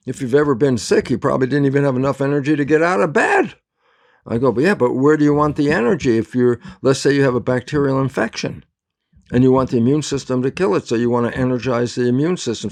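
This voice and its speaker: A male scientist as an interview guest, explaining in lively storytelling and acting out both sides of remembered conversations, laughing often. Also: mid-range voice, vocal fry. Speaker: interview guest, cell biologist.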